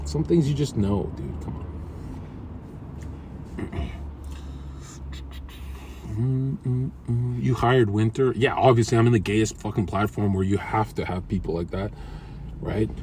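A man's voice: lowish voice, measured pace, long pauses, a little mellow, slight background noise. A man streaming from his car, talking in brash, crude trash-talk to his chat. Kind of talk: casual livestream chat.

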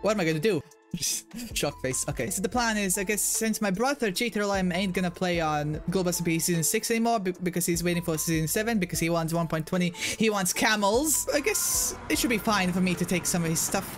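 Excitable man narrating his gameplay. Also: high voice, fast talker, faint music behind. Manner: excitable, thinks aloud, makes silly sound effects. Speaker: Minecraft video creator. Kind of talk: playful game commentary.

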